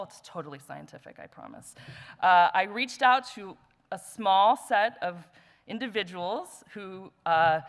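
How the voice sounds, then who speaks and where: A woman's voice: medium pitch, fairly bright tone. A woman, a former student, introducing an award winner at a conference with light jokes, reading out lists of qualities one by one. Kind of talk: introduction speech at an award session. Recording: long hall reverb.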